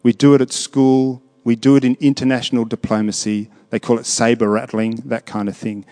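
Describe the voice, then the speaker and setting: A man preaching a sermon, moving between hushed reflection and raised, emphatic delivery, often putting questions to his congregation. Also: mid-range voice. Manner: conversational, asks the congregation questions. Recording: long reverb of a large hall.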